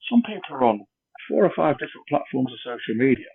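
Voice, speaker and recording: A man's voice: medium pitch, big pitch swings, fast, creaky, breathy edge. A middle-aged man, a podcast guest, talking in a frank, rambling, down-to-earth way. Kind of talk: casual chat. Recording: tinny phone-like line with crowd noise.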